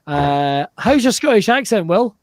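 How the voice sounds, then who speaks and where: Giggly high-voiced man hosting. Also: very animated, unhurried, darkish tone, no room sound, clean studio sound. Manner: giggly, swears playfully. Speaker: improv show host. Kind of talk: casual online improv show hosting.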